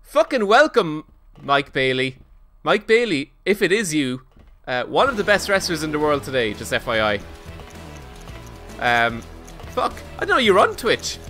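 A man streaming a video game live, reacting excitably and swearing often as he plays and talks to his chat. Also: fairly high pitch, normal speed, pauses often, faint music behind. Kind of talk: casual live gameplay commentary.

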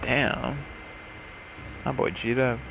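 A young man commenting on his own gameplay, excitable and shouting curses at the game. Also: mid-range voice, drawn-out words, vocal fry, background noise. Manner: excitable, profane outbursts and yelling at the game. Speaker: gaming YouTuber. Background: game music.

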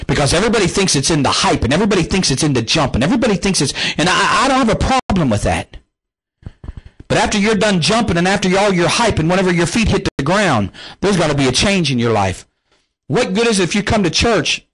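A man's voice: high voice, fairly bright tone, breathy edge, low-quality recording. A man preaching a televised healing sermon as a pastor, fervent and rising and falling in intensity. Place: studio without choir or organ. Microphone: studio camera mic.

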